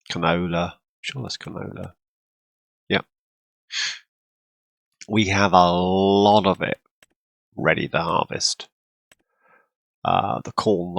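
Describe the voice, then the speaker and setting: Low gravelly guy rambling slow through his farm game, lots of ums, coughs and hiccups. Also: a bit bright, no echo. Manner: rambling, with many ums and throat-clearing. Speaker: farming game role-play channel host. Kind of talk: casual gameplay commentary.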